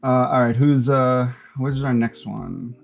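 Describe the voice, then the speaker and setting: Gravelly-voiced man hosting a livestream. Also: mid-range voice, unhurried. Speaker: livestream host. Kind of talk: casual charity livestream chat.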